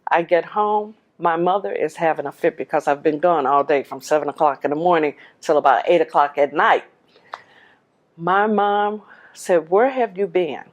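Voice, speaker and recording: A woman telling her own story with lively animation and a fairly low speaking voice. She brings the dialogue to life, voicing the people she quotes as she recounts them. The delivery is that of a personal storyteller. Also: normal speed. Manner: laughs while telling.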